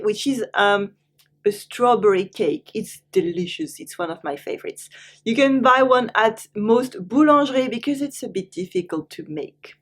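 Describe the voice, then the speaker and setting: In an online language lesson, a woman with a French accent teaches French, saying each word twice slowly before translating it into English. Her voice is mid-range.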